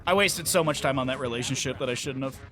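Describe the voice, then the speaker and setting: A man streaming a game, chatting casually with his chat and telling rambling, profane stories with quick asides. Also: mid-range voice, music in the background. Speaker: gaming streamer. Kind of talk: casual livestream commentary while playing.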